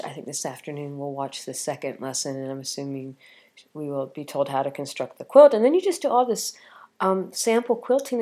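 A woman's voice: on the low side, darkish tone. A middle-aged woman chatting casually in a rambling way, with plenty of ums and restarts, sounding tired and slightly coughy. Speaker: vlogger. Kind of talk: casual chat.

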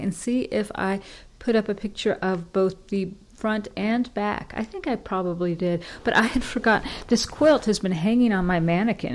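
A woman hosting a casual home podcast, chatty and self-deprecating, rambling and wandering off topic as she goes. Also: medium pitch. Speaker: podcast host. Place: home kitchen.

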